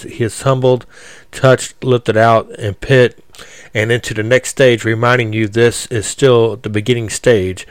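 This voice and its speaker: A man speaking in a sermon, halting with frequent restarts. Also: mid-range voice, dry recording.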